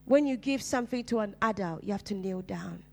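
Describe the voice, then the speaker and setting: A woman voicing the Holy Spirit as a calm divine voice giving direct instructions. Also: medium pitch, a little fast, vocal fry, pitched below the performer's own voice. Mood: instructing.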